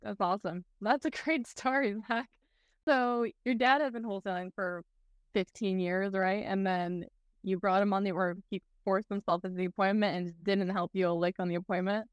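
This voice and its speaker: A woman's voice: mid-range voice, fairly even intonation, moderate pace, clean tone, dry recording, dull audio. Upbeat young woman hosting an interview. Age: young adult. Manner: upbeat, enthusiastic. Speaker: interviewer and host. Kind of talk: podcast interview.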